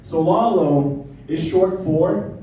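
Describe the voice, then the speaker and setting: A man's voice: on the high side, takes it slowly, slight background noise. A man in his twenties from Colombia, doing a stand-up set with brash, profane banter with the crowd in a small black-box theater. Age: 20s. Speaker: stand-up comedian. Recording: echoey room from far off, loud audience.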